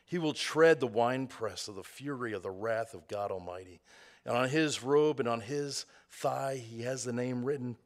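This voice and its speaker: A man reading a scripture passage aloud in a measured, solemn way, slowing down on key phrases. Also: medium pitch. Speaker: scripture reader.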